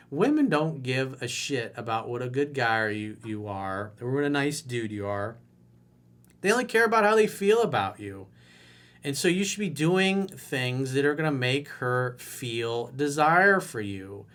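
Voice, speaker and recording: A man's voice: on the high side, a bit bright. Blunt, profane male dating coach. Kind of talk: solo coaching monologue.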